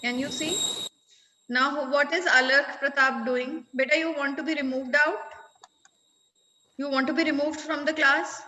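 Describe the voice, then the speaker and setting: A woman with an Indian accent teaches a class over a video call. She is firm and keeps repeating orders for quiet. Her voice is high and bright, and the audio is muffled with a long echo. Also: fairly even intonation, moderate pace, long pauses, a little hiss or hum.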